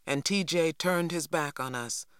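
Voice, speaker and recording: A narrator reading a novel aloud in a measured, steady storytelling manner. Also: medium pitch, clear, resonant tone, no room sound, studio quality. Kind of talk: audiobook narration.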